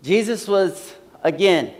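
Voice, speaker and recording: A man's voice: sits high, expressive, slow, darkish tone. A man preaching a sermon earnestly, repeating phrases and using many fillers, in a large hall. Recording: long hall reverb.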